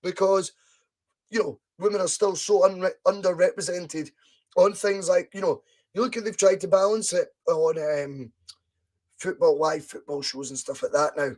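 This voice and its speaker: A man's voice: high voice, fairly even intonation, moderate pace, a little mellow. A Scottish man hosting a casual live podcast, chatty and laughing often, his voice a bit strained. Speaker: podcast host.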